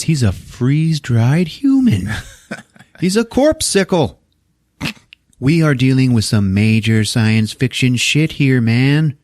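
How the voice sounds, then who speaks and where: A man's voice: medium pitch, animated, slow pace, no room sound, clean studio sound. A man casually recapping a film on a podcast, acting out the characters' lines, laughing often and swearing freely. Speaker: podcast host.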